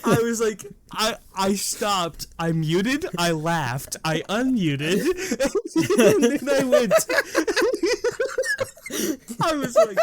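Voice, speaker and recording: Slow-talking young man telling a story. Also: extremely high pitch. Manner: animated storytelling, laughing often. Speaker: podcast co-host. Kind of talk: casual chat.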